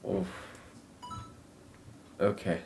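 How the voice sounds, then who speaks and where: A young American man streaming a game, talking in a loose, halting, rambling way full of fillers and restarts. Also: a little mellow, a little hiss or hum. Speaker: livestreamer. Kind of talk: casual rambling gameplay chat.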